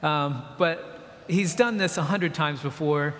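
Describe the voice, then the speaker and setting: A man's voice: fairly high pitch, slow, fairly bright tone. A man preaching a sermon in a conversational, explanatory way, sometimes acting out quotes. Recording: long reverb of a hall.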